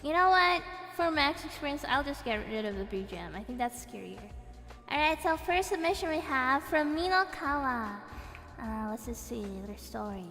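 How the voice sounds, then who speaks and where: A woman's voice: high-pitched, sing-song, normal speed, bright, forceful tone. A woman, reading a viewer's horror story on a live stream, playful and breaking in with laughing comments. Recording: reverb effect added, faint background music.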